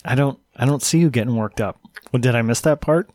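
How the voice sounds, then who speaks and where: A man's voice: mid-range voice, a little fast, a little mellow, dry recording. A man in casual chat, easygoing and laughing as he talks. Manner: easygoing, laughing, retelling jokes.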